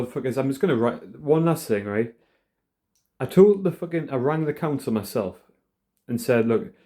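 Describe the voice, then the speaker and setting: Brief: young man, casual profane monologue, warm mellow tone, indoors at home. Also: fairly low pitch. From United Kingdom. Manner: rambling, profane, rough-edged. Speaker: vlogger.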